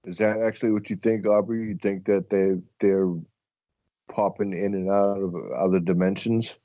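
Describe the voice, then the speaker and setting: A man co-hosts a radio talk show in a very deep, announcer-style voice while he has a cold. His lines sound dry and muffled, like a radio broadcast. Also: little pitch movement, moderate pace, dry recording.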